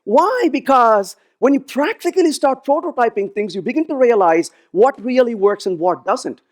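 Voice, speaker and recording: A very high-voiced man speaks at normal speed during his keynote on a conference stage. His storytelling is animated, and he voices the dialogue within each tale.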